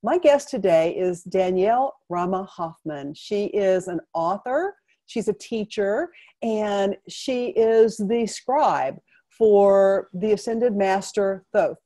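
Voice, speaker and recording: Woman talk show host, mellow tone, effusive and chatty. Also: mid-range voice, animated, slow. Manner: effusive, laughs often. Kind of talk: casual live interview.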